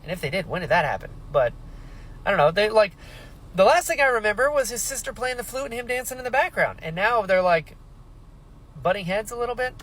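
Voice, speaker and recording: A man talking casually in a book reaction vlog, with animated, emotional reactions and casual swearing. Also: sits high, fairly quick, rough recording. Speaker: book reviewer.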